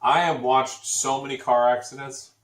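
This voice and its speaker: A man's voice: mid-range voice, fairly even intonation, moderate pace, a bit bright, distant mic. A man co-hosting a casual chat show, adding dry joking asides. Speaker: podcast co-host. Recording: echoey room, off-mic.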